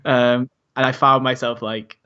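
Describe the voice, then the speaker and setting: A man's voice: mid-range voice, level tone, a little slow, pushed and bright, smooth, muffled recording. A man from Liverpool with a Scouse accent, a chatty guest in a casual conversation, rambling and laughing often. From Liverpool, England. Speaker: guest, podcaster and activist.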